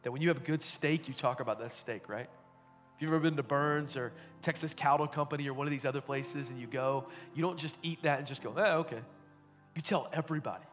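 A man's voice: on the high side, fairly even intonation, fast, soft background music. Man preaching casually in a reverberant hall. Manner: joking, conversational preaching. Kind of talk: casual sermon.

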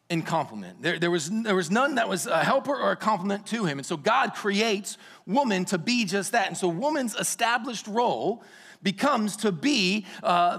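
A male pastor preaching a sermon in a church, animated and joking, breaking into sudden shouts. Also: high-pitched. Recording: long reverb of a large hall.

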